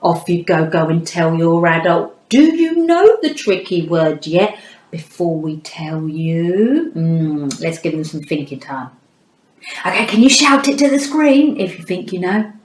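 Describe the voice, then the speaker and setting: Woman phonics teacher, animated children's-lesson delivery, slow and very expressive, roomy echoey recording. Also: fairly low pitch. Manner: animated, sing-song teacher voice for young children. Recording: roomy echo.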